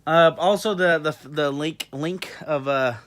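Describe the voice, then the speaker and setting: A man's voice: fairly high pitch, measured pace, fairly bright tone. An English-born man with a New York-tinged American accent, chatting casually as a vlogger, rambling with lots of fillers and cheerful swearing. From England. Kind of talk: casual chat.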